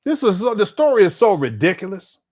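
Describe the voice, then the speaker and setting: A man's voice: sits high, very animated, a little fast, darkish tone. A man hosting a reaction stream, sarcastic and exasperated as he talks back to a clip. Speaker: commentary streamer. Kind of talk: reaction commentary.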